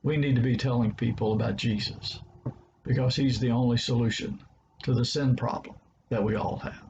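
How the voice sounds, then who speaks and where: A Southern American man preaching in an earnest, plain way, doubling his words for emphasis. His voice sits at an ordinary middle pitch. The recording is a little dull and muffled, with a faint hiss underneath. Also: steady tone, moderate pace, vocal fry. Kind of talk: short recorded devotional talk.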